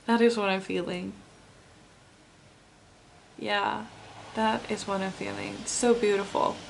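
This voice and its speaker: A woman's voice: mid-range voice, steady tone, slow pace, creaky, long pauses, a little hiss or hum. A woman from Finland with a Finnish accent, chatting casually as a tarot reader, rambling and laughing often. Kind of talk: casual chat.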